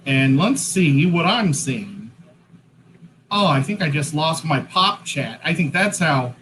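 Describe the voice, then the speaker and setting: Guy chatting on a stream, kinda high bright voice, rambly and friendly. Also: big pitch swings, takes it slowly, slight background noise, low-quality recording. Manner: chatty, self-correcting while setting up. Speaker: co-host. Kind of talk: casual livestream chat. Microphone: headset-style hat cam mic.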